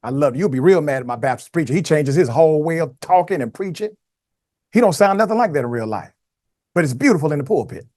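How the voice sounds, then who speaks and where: Wry, animated male political host. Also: on the high side, fast, no echo, clean studio sound. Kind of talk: casual political commentary.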